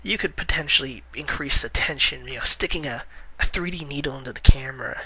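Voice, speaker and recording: Bright-voiced man rambling casually on camera. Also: medium pitch, a little fast, slightly rough, rough recording. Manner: rambling, frequent "uh" fillers, self-correcting. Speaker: movie news vlogger. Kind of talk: casual commentary.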